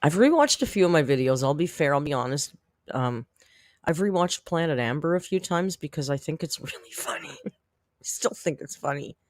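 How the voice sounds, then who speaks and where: Chatty guy on a livestream, kinda high voice, rambles, pokes fun at himself, dry close mic. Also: lively intonation, fairly quick, no room sound. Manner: chatty, rambling, self-deprecating, laughs often. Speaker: YouTube commentary host. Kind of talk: casual livestream chat with viewers.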